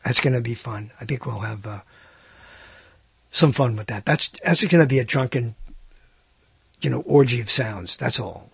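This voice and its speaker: A man's voice: mid-range voice, moderate pace, vocal fry, pauses often, a bit bright, husky, dry recording. A man hosting a live internet radio talk show, rambling and hesitant, with self-mocking asides.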